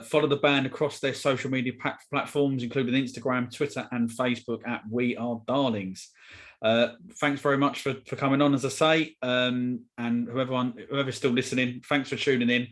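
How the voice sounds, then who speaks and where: A man hosts a podcast in a relaxed, chatty way. His voice sits at an average pitch, and he fills pauses with ums and laughs easily. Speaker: podcast host. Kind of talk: casual interview chat.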